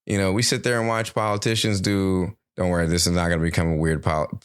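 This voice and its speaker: A middle-aged man hosting a solo podcast, rambling and joking in a loose, animated way with casual swearing. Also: deep voice, fast talker, smooth, dry recording, clean studio sound. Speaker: podcast host. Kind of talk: solo comedic podcast monologue.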